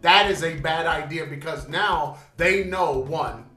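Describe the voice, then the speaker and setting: A man's voice: on the high side, unhurried, bright, forceful tone, reverberant, faint music behind. A man co-hosting a casual podcast, talking bluntly and ranting about work. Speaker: podcast co-host, teacher. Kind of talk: casual chat.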